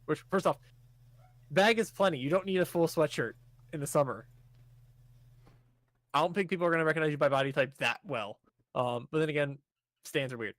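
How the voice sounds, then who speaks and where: A man's voice: a little high, brisk, long pauses, fairly bright tone, no room sound. A man co-hosting a podcast, giving a rambling, casual recap full of fillers and restarts. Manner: rambling, filler-heavy storytelling. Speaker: podcast co-host.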